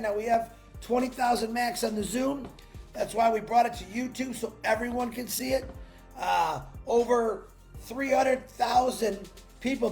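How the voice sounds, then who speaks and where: Hosting a solo livestream, a man pumps up his audience with salesy, excited encouragement, sometimes bursting into shouts and calling out chatters by name. His voice is very high with a rasp, picked up by a laptop mic over faint background music.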